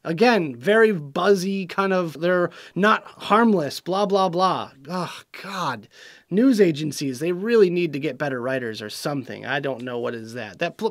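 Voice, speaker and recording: A man's voice: fairly high pitch, no room sound, studio quality. A young man hosting a vape show, ranting with frustration and sarcasm about a news report as he reads it aloud. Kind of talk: casual video commentary.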